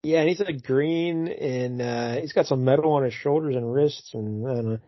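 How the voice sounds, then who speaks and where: A man co-hosts a casual podcast about comic books, relaxed and joking as he retells scenes with quoted lines. His voice is medium in pitch at a normal speed, captured in a dry, lo-fi recording.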